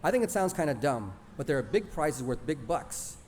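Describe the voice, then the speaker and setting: Male author, live reading, expressive storyteller, slightly higher voice. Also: normal speed, a little hiss or hum. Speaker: author reading his stories.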